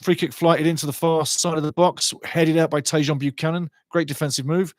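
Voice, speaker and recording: A man calling a match live as a fan, on the high side for a male voice and swinging from easy chat to heated outbursts over fouls. He is recorded on a dry, close mic with no room sound. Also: little pitch movement, a little fast, no room sound. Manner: passionate, gets fired up over fouls; chats with viewers' comments. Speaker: watchalong commentator.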